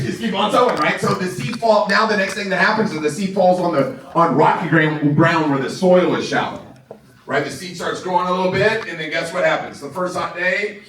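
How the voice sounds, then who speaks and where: Man, sales trainer, high voice, energetic, excitable, laughs often, very echoey room. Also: distant mic. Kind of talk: motivational training talk. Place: large room with a live audience.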